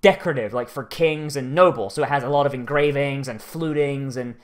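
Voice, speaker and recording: A man's voice: medium pitch, fairly quick. Sweary, rambling man recapping anime. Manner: rambling, sweary, frequent restarts. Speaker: anime reaction host. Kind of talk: casual profane commentary.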